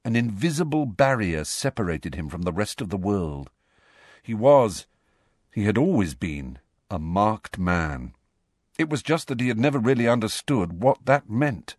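A man narrating an audiobook in a measured, expressive reading. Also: fairly low pitch, no room sound, clean studio sound. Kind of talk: scripted narration.

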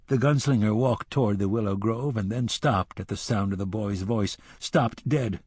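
A man reading an audiobook novel in measured narration, dropping to a hush at times. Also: lowish voice, slightly rough, no room sound, clean studio sound.

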